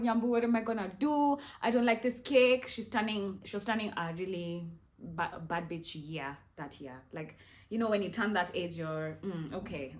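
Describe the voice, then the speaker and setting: A young Kenyan woman in her twenties, chatting casually as she tells a story to her vlog audience and slipping into Swahili now and then. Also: medium pitch. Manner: chatty, animated, mixes in Swahili. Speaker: vlogger.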